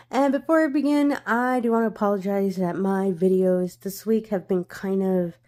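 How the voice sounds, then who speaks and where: A woman's voice: mid-range voice, moderate pace, warm tone. A woman hosting a craft channel, talking casually through an unboxing while congested from a cold and giggling often between remarks.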